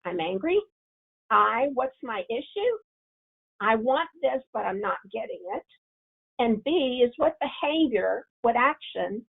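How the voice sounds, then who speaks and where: Gravelly woman on a tinny line. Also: a little high. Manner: acts out angry self-talk, then coaches calmly. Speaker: webinar presenter. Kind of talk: webinar presentation. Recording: tinny phone-line audio.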